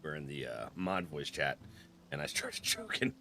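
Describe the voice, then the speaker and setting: A man's voice: a bass voice, expressive, moderate pace, sharp tone. A man casually chatting with his live-stream viewers, laughing often and greeting them by name.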